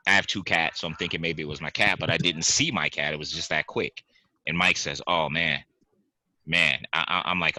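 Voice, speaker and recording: A man hosting a casual podcast, telling an animated story, acting out quotes and laughing. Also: low voice, moderate pace, no echo. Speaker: podcast host. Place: home basement.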